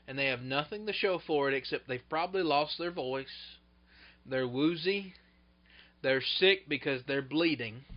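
A male preacher giving a sermon, retelling scripture in an animated way that swings between loud bursts and hushed asides. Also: high-pitched. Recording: dull lo-fi recording.

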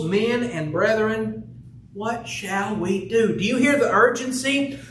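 A man's voice: high-pitched, fairly bright tone, distant mic, slight background noise. A man preaching a sermon in a church, earnestly asking rhetorical questions and reading scripture aloud. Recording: echoey room, voice from off the mic.

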